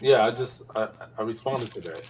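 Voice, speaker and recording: A man's voice: lowish voice, moderate pace, a little mellow, recorded from a distance, slight background noise, rough recording. A man telling a work story in casual podcast chat, laughing often and filling his talk with slang and fillers. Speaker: podcast co-host.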